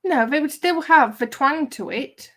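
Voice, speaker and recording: A woman with a somewhat high voice chats away as she hosts a casual live stream. She reads out viewers' comments in a giggly, friendly, rambling way. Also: expressive, a little slow, a bit bright. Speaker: livestream host reading chat.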